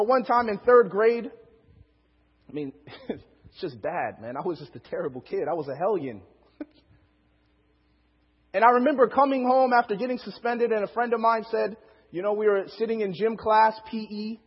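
Young preacher guy telling stories, husky kinda higher voice, lots of voices and laughs. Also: long reverb tail, lo-fi sound. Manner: animated storytelling, acts out quotes, laughs often. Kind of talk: storytelling sermon.

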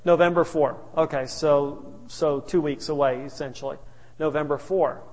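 A man's voice: fairly high pitch, fairly even intonation, moderate pace, darkish tone, long reverb tail, rough recording. A man preaching a sermon in a church, telling folksy family stories to make his points.

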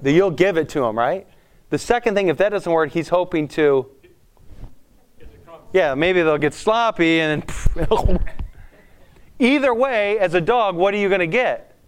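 A man preaching a conversational sermon as a pastor, often putting questions to the congregation in an animated way. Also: high voice, unhurried, pauses often, clear, resonant tone.

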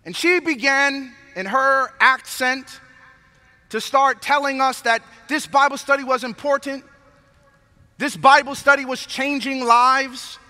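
Guy preaching a sermon, really high bright voice, big echoey church hall. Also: measured pace. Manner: solemn low prayer, then animated storytelling preaching. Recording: long hall reverb.

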